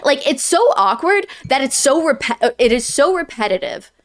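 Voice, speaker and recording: A woman's voice: high-pitched, big pitch swings, normal speed. A woman co-hosting a podcast, chatting casually and critically about a novel with lots of fillers. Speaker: podcast co-host. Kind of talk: casual book review chat.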